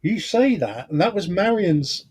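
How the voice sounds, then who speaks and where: A man co-hosting a model-building stream, telling stories in a relaxed way and reading viewer comments. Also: high voice, measured pace, husky. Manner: relaxed storyteller, laughs along.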